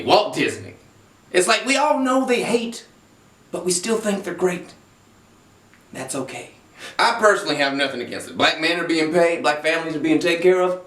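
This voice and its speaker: A man doing comedic roast commentary in an animated, profane, mocking way. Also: on the high side, roomy sound, distant mic. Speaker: comedy video creator.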